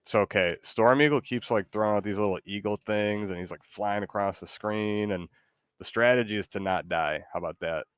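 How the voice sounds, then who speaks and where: Male streamer, lower voice, dry close mic, casual and rambling, excitable. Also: a little fast, clean tone, no room sound. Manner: loose, excitable, rambling, lots of fillers. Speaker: gaming streamer. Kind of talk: casual live commentary while playing.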